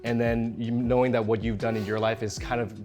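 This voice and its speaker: A man's voice: mid-range voice, little pitch movement, a little fast. A man hosting a casual interview at a cafe, affirming his guest and leaning on "like" as a filler. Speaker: interviewer host.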